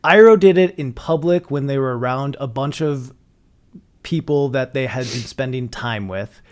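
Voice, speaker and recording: A man's voice: medium pitch, normal speed, darkish tone, clean tone. A man talking casually on a podcast, analytical and rambling with lots of filler words. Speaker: podcast co-host.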